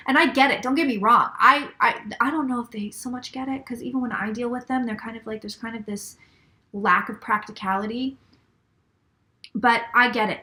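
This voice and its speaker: Bright-voiced woman relaying psychic messages. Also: fairly high pitch, normal speed. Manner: relays messages in quotes, repeats phrases, drops to whispers. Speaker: psychic reader. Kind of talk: channeled psychic reading to viewers.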